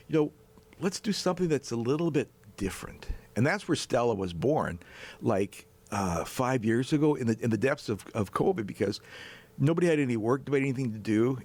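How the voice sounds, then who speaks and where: A man in his sixties from North Dakota, a bass player telling a long story as a guest, animated and chuckling as he goes. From North Dakota, USA. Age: 60s. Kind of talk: storytelling anecdote in a chat.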